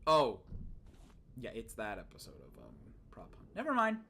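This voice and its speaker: An excitable gaming streamer chatting through a let's play with a lively, bouncing voice that roams up and down. The talk rambles, dropping into muttered whispers and then jumping to loud outbursts. A faint hiss of noise sits underneath. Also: mid-range voice, a little slow, creaky. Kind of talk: casual let's play commentary.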